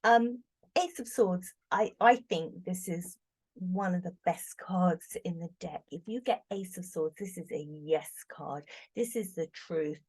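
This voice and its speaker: A woman's voice: lowish voice, measured pace, a little mellow, slightly rough. A middle-aged British woman, a tarot reader hosting a casual chat, talking in a chatty, giggly, exclamatory way. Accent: British English. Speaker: tarot reader, channel host.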